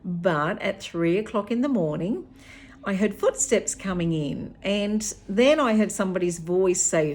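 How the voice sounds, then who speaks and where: A woman's voice: lowish voice, animated, normal speed, a little mellow. A middle-aged Australian woman, a hypnotherapist, telling a personal story in a chatty, unscripted way with fillers and restarts.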